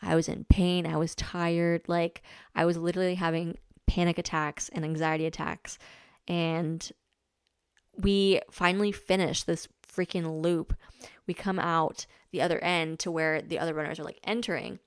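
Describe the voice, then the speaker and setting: Chatty young woman, lowish dry voice. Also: level tone, moderate pace, smooth, dry recording. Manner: chatty, lots of "like" fillers. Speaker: podcast host. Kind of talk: casual chat recounting a race.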